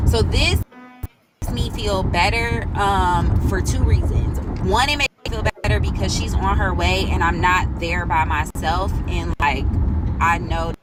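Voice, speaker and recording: A woman's voice: lowish voice, unhurried, very noisy. A pregnant woman telling a personal story in a casual, blunt, profane way, acting out what others said. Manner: blunt, profane, animated retelling with voiced quotes. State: eight months pregnant.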